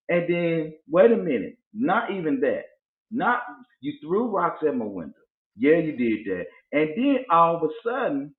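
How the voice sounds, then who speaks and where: A man's voice: on the high side, a little slow. A man with a drawl tells a story to his co-host and slips into voices for the people in it. His voice comes through thin and phone-like, with a roomy echo around it. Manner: animated, acts out voices in his stories. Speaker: podcast co-host. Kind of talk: casual storytelling chat. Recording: tinny phone-like sound in an echoey room.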